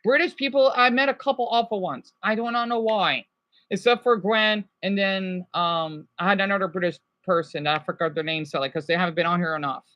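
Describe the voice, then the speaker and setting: A man's voice: sits high, a little fast, pushed and bright, dull audio. A man chatting casually on a livestream from home, rambling between topics and swearing now and then.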